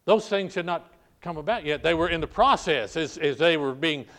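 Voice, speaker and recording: An older pastor with a drawl preaches a sermon with emphatic repetition and frequent restarts. His voice sits a little high for a man, and he keeps calling on the congregation to listen. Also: lively intonation, normal speed, a bit bright.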